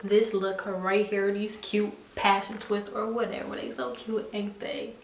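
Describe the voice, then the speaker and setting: A woman's voice: mid-range voice, level tone, measured pace, vocal fry, slight background noise. A young woman hosting a hair tutorial vlog, chatty and teasing, walking viewers through each step. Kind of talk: casual tutorial vlog with voice-over. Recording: music playing underneath.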